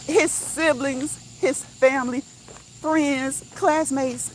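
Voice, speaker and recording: A woman's voice: sits high, steady tone, extremely slow, slight background noise, poor audio. A woman hosting a live walk-and-talk stream outdoors, chatting casually, laughing often and reading viewer comments aloud. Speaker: livestream host. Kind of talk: casual live chat while walking.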